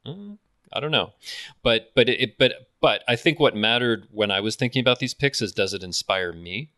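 A man's voice: mid-range voice, expressive, normal speed, bright, forceful tone, no room sound, clean studio sound. A man co-hosting a podcast in casual chat, enthusiastic and self-deprecating, often restarting his sentences. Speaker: podcast co-host.

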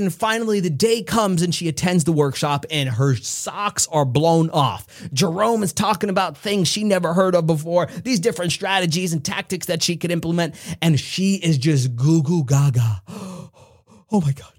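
Male motivational host, emphatic storyteller, slightly high voice, dry sound. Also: no echo. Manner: emphatic storytelling, speeds up and slows. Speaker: podcast host. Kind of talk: motivational monologue.

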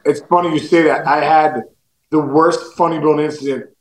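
A man co-hosting a baseball podcast from home, telling a playing-days story in a loud, animated way and leaning hard on "dude" and "bro". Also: on the high side, normal speed, reverberant, rough recording. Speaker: podcast co-host, former pro baseball player. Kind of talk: casual sports chat, storytelling.

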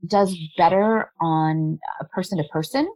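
A woman's voice: on the low side, measured pace, poor audio. Chatty woman explaining how voices work. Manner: explanatory, animated, laughs often. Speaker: body language specialist, guest. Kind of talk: conversational interview.

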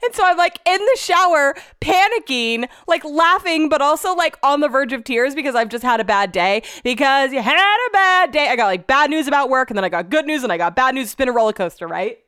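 A woman's voice: sits high, expressive, brisk, few pauses, fairly bright tone, no room sound, clean studio sound. A woman hosting a podcast alone, telling a story candidly and animatedly, swearing freely and laughing at herself, recorded in her home office. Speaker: podcast host.

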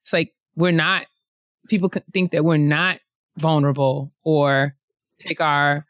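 A woman co-hosts a relaxed book discussion and thinks aloud as she goes. She stops, restarts and laughs often. Her voice is smooth and clear, recorded close and dry. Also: sits low, no echo. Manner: halting, many fillers and restarts, laughs often. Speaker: book club co-host. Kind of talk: casual podcast book discussion.

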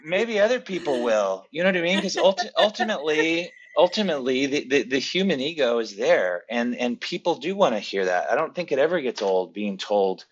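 A man's voice: medium pitch, lively intonation, a little fast, hardly any pauses, slightly rough, dull audio. A man who works as an assistant director, telling stories eagerly and animatedly as a guest in a casual interview.

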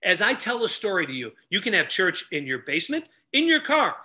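An energetic middle-aged man telling stories as a podcast guest, acting out the people he quotes. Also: high-pitched, fairly quick. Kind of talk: animated storytelling.

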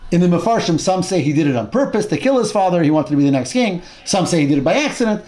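Guy with a pretty high voice teaching torah class, tells the story all animated, drops hebrew words. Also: fast talker. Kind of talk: retelling a Bible text in a class.

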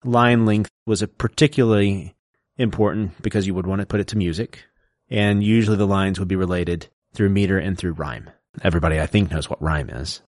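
Low-voiced man explaining poetry. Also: steady tone, darkish tone, dry recording, studio quality. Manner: lecturing, recites verse slowly to show stress. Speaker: podcast co-host explaining poetry. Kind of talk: casual explanatory chat.

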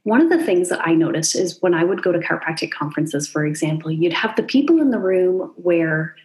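A woman's voice: fairly low pitch, animated, a little fast, darkish tone. A woman in her forties, a chiropractor co-hosting a podcast, talking reflectively and thinking aloud. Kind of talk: conversational podcast chat.

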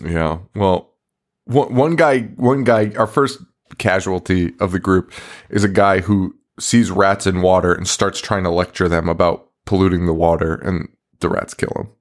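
A man's voice: deep voice, fairly even intonation. A man co-hosting a podcast, chatting casually about a movie, swearing often, laughing and acting out scenes. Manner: profane, laughing, acts out scenes in quick voices. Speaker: podcast co-host. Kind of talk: casual movie review chat.

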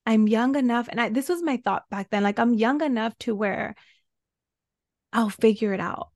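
A women's soul embodiment coach, appearing as a podcast guest, relates a painful time in her life with earnest feeling. Her voice is on the high side and her speed normal. The recording is dry and clean, studio sound.

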